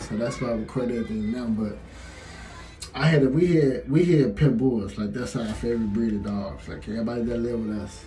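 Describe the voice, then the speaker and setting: A man's voice: mid-range voice, mellow. A man, telling a story in a laid-back, slangy way full of fillers. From Chicago. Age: 20s. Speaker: vlogger. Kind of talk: casual storytelling. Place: small bathroom. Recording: echoey bathroom, faint music.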